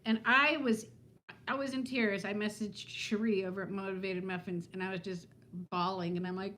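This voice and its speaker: A woman's voice: mid-range voice, fairly even intonation, fairly quick, fairly bright tone, a little hiss or hum. A woman in her fifties chatting casually on a live stream from home, talking to viewers by name and laughing often. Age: 50s. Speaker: vlogger hosting a live stream.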